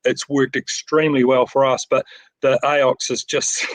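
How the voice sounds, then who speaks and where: A man's voice: mid-range voice, level tone, moderate pace, rough recording. A middle-aged man from New Zealand with a New Zealand accent, a picture framing shop owner talking keenly in a casual interview, full of restarts and repeated words.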